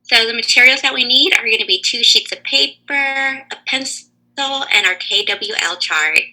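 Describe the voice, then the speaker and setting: A woman teaching a lesson to young children over a video call, asking slow, clear, encouraging questions. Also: on the high side, pushed and bright, rough recording.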